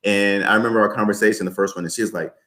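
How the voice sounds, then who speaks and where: A man's voice: lowish voice, steady tone, very fast, fairly bright tone. A man in his twenties, a podcast guest, talking emphatically and repeating his points like a motivational speaker. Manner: emphatic, repetitive motivational talk. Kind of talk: podcast interview.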